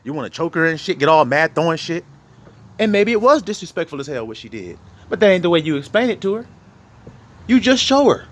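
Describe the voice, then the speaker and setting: A man delivers a casual street sermon in a high, lively voice that swings across a wide range. He swears freely, and he slips into the voices of arguing couples to make his point. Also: brisk. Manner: animated, profane, acts out quoted arguments. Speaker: online preacher.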